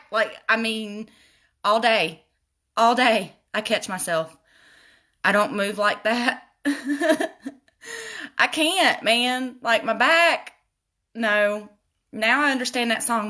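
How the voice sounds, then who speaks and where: A woman's voice: mid-range voice, expressive, takes it slowly, pushed and bright. A woman chatting casually through a makeup tutorial livestream at home, talking straight to viewers as y'all and going off on laughing tangents. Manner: talks straight to viewers, addressing them as y'all. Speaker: makeup vlogger.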